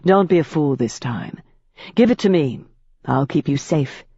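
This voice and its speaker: Woman narrator doing a calculating young elf tycoon, low-voiced, clipped and insistent, in an audiobook. The sound is dry and a little dull, with no room around it. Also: lively intonation, measured pace, vocal fry, mellow, slightly rough, no echo, full character voice. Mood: persuasive. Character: polished young male elf businessman, cold and calculating. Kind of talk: audiobook character voice.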